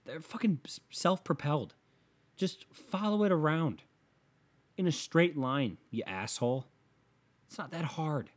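Profane ranting man, mid-pitched. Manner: profane, exasperated, loud emphatic outbursts. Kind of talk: casual comedic rant.

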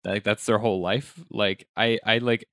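A man's voice: on the low side, moderate pace, no room sound, clean studio sound. A man hosting a podcast, chatting casually and reflectively about stand-up comedy with lots of "like" fillers. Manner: relaxed, reflective, many "like" fillers. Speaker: podcast host. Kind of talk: casual chat.

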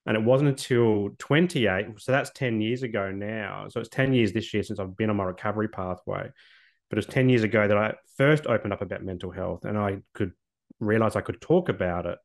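A man's voice: on the low side, a little fast, vocal fry. An Australian man in his thirties, a guest telling his own story candidly and earnestly, with loose speech and frequent restarts. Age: 30s.

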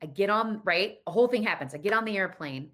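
A woman's voice: medium pitch, lively intonation, fast talker, a bit bright. A woman in her thirties telling a personal story in casual conversation, acting out the dialogue in quoted voices.

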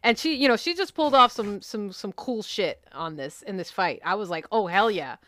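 A woman co-hosting a casual podcast chat, laid-back and profane, often trailing off into a low murmur. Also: sing-song, moderate pace, sharp tone. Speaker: guest co-host.

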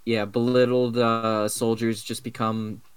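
A man's voice: mid-range voice, little pitch movement, unhurried, smooth, no room sound. A man talks through a film with friends in a casual, playful way. He quotes scenes and laughs along. The sound is dry and close. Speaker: podcast co-host. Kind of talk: casual movie commentary chat.

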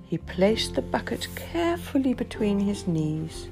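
Slow, gravelly woman reading a picture book. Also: medium pitch, sing-song, music in the background. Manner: sing-song, repetitive storybook rhythm. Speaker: storyteller.

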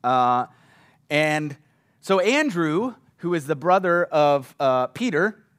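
A man preaches a casual, conversational sermon in a fairly high, animated voice that is slow-paced, a bit bright, clear and resonant. He's chatty, often checks in with listeners by asking "right?", and acts out the quotes of people in his story.

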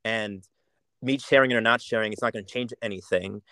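A man's voice: fairly low pitch, a little fast, bright, forceful tone, smooth, dry recording. A young man from Jamaica with an American accent, a podcast guest talking casually and reflectively, often restarting and repeating words. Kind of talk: casual chat.

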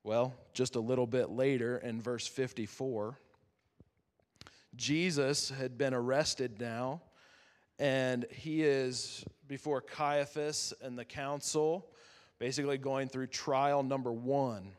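A man preaching as a youth pastor, earnest and conversational, with dramatic pauses that drop to a near-whisper. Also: mid-range voice, steady tone. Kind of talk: sermon. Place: chapel. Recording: long chapel reverb.

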